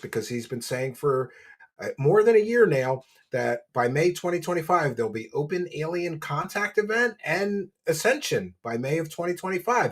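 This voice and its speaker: A man's voice: on the high side, slightly rough. A man hosting a livestream, mocking and crude, chatting as he eats. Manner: mocking, crude, talks while eating. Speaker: streamer host. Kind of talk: casual livestream commentary.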